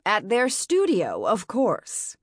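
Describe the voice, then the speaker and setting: A woman's voice: medium pitch, huge pitch swings, takes it slowly, no room sound, studio quality, voice pushed up, heavily acted. A woman voicing a domineering female talent manager with a harsh, nasal, authoritative voice, as in a read-aloud novel. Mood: cold, commanding. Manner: curt, authoritative.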